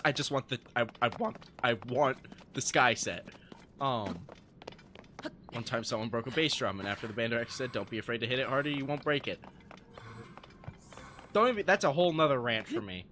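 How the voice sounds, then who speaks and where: A man's voice: mid-range voice, sharp tone. A young adult man streaming live, telling casual stories to his chat, swearing freely and laughing often.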